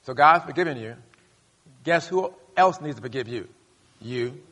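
A male pastor preaching a sermon, leading the congregation in call-and-response and rising to loud, high bursts. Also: lively intonation, moderate pace. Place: church sanctuary. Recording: long hall reverb.

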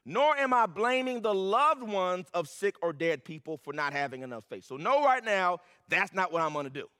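A man's voice: sits high, very animated, moderate pace, bright, forceful tone, clear, resonant tone. Man, pastor, sermon, emphatic repetition, long hall reverb. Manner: preaching, building to emphatic peaks with repeated phrases.

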